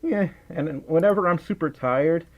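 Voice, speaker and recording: A man's voice: on the high side, moderate pace, highs cut off. A tired, sleep-deprived young man with a Southern accent, giggling and rambling playfully as he chats with viewers on a livestream. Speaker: livestream host. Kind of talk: casual livestream chat.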